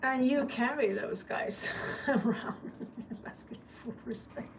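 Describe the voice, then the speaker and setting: A woman with a Norwegian accent gives a casual live tarot reading, chatty and joking, with blunt swearing. She talks at a slow, drawn-out pace in a slightly high voice. She sits some way back from the mic, with a faint hiss of background noise. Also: vocal fry, far from the mic. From Norway. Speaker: tarot reader.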